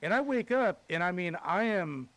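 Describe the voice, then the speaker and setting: A man with a slightly high voice tells a story on a podcast, loose and chatty. He curses often and acts out each exchange in quoted dialogue, jumping between his own lines and the other people's. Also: moderate pace, dry recording. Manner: animated, profane, retells with quoted dialogue. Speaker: podcast host. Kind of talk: casual storytelling chat.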